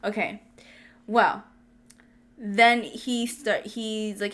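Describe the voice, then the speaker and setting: A young woman co-hosting a podcast tells a personal story in casual conversation, speaking unhurriedly in a mid-range voice. She's animated, laughs a lot, and acts out what people said.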